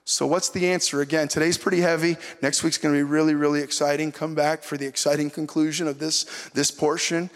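A man preaching a sermon as pastor, speaking in an animated, conversational way and often repeating himself for emphasis. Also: on the high side, fairly quick, few pauses. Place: church sanctuary. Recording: long reverb of a large hall.

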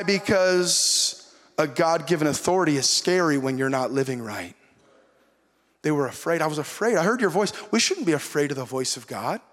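A man delivers a sermon from the pulpit of a church, his voice sitting notably high for a man. He preaches in a lively, conversational manner and repeats phrases for emphasis. A long reverb from the large sanctuary trails behind his words. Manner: animated, conversational preaching with repetitions. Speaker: pastor.

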